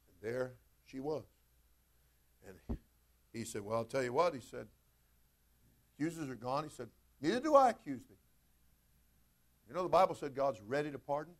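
A man's voice: mid-range voice, sharp tone. A male pastor preaching a sermon in a fervent, conversational way, often turning to speak straight to his congregation.

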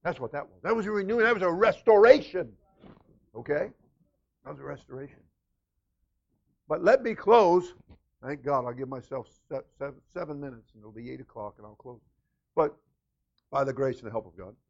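A man preaching a sermon as senior pastor, animated and calling out to his congregation. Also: medium pitch, brisk, dull audio. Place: church.

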